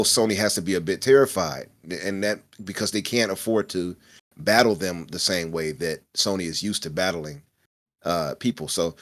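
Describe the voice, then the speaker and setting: A man co-hosting a casual gaming podcast, joking around and talking with lots of energy. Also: fairly low pitch. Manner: animated, joking, laughs loudly. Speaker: podcast co-host.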